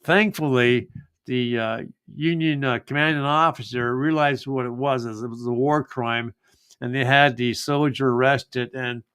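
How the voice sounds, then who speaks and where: A man's voice: medium pitch, steady tone, measured pace, fairly bright tone, smooth. A middle-aged man hosting a live genealogy show, chatting casually with lots of fillers and restarts. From United States. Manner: rambling, many fillers and restarts. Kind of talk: casual live-stream chat.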